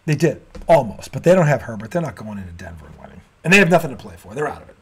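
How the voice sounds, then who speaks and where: A man's voice: mid-range voice, very animated, crowd noise. A man hosting a sports talk show, ranting and swearing freely in a casual debate and laughing often. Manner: profane, ranting, quick to laugh.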